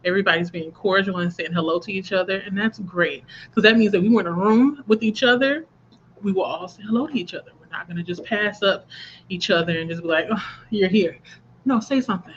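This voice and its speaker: A woman's voice: mid-range voice, fast talker, fairly bright tone, lo-fi sound, a little hiss or hum. A woman hosting a book channel livestream, chatting casually, reading viewer comments aloud and laughing often.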